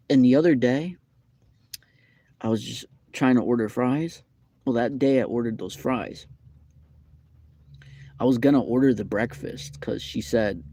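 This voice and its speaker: A man's voice: medium pitch, normal speed, mellow, a little hiss or hum. A young man telling a rambling story on a live stream, with lots of fillers and repeated phrases. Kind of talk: casual live-stream chat. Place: McDonald's restaurant.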